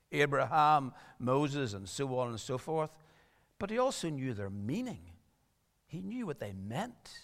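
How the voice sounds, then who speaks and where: A man's voice: fairly high pitch, a bit bright, big-room sound. A man preaching a sermon, earnest and rising to emphatic appeals.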